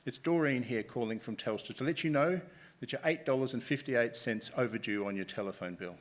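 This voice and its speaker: A man voicing a flattering, flustered female phone scammer who gushes and frets. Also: mid-range voice, fairly quick, lightly acted. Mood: gushing. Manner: gushing, flattering, fretful.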